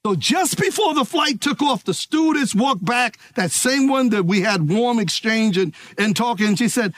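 High, animated male preacher. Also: normal speed, few pauses, no room sound, studio quality. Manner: emphatic preaching with rising calls to the congregation. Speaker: pastor. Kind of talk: sermon.

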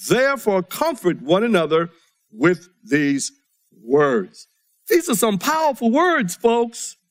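Preaching to a congregation, a man reads scripture aloud, shifting between soft, quiet passages and rising emphasis. His voice is very high and slow, with big pitch swings and vocal fry.

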